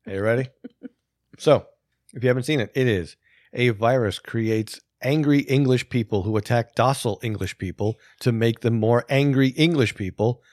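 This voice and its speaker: A man's voice: mid-range voice, normal speed, darkish tone, no room sound. A man hosting a podcast, chatting casually with a wry, dry humor. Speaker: podcast host. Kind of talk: casual chat.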